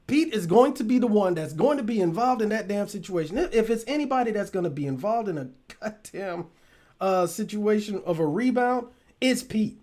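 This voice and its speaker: A man's voice: high-pitched, darkish tone. A man hosting a relationship talk show, chatting loosely with his live audience. He swears freely, laughs often and trails off mid-thought. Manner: addresses the audience directly. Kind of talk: casual live-stream chat with viewers.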